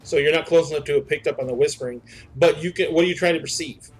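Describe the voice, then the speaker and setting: A man's voice: a little high, husky, soft background music. A man running a tabletop game as game master, chatting casually and describing scenes. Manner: casual, loose and swearing, with quick scene descriptions.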